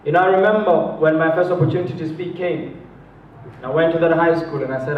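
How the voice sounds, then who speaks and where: High-voiced man in an echoing hall. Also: fast talker, background noise. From South Africa. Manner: animated, acts out voices of others, chuckles often. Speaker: motivational speaker. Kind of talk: motivational talk to a live audience. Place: large hall with an audience. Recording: distant, roomy, dull hall recording.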